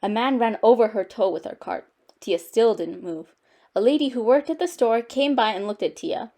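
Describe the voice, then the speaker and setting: Lively woman reading to kids. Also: fairly high pitch, moderate pace. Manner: lively, expressive storytelling. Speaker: storytime reader. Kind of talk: children's read-aloud.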